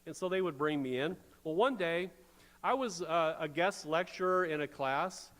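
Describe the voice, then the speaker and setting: A man's voice: a little high, moderate pace, fairly bright tone. Wry male pastor in echoing church. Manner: conversational preaching with wry asides. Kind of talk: sermon. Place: church sanctuary. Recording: long church reverb.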